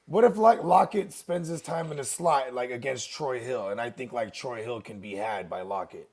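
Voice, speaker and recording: A man's voice: mid-range voice, normal speed, crowd noise. A man on a casual sports podcast, giggly and hedging his points with "like". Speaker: podcast panelist.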